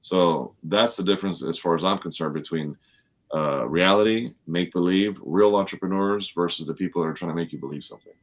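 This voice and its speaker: A man's voice: deep voice, a little fast. A man on a discussion panel, speaking emphatically and repeating key phrases for weight. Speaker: panel guest. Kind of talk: casual discussion.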